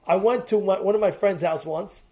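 An excitable man with a strikingly high voice, teaching a Torah lesson. He restarts and repeats phrases and keeps bursting into shouts to drive his point home. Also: normal speed. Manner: excitable, often breaks into shouting.

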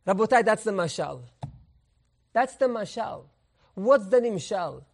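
A man teaching a Torah lesson as a rabbi, telling a parable in an animated way and mixing in Hebrew terms. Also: sits high, a little slow, gravelly.

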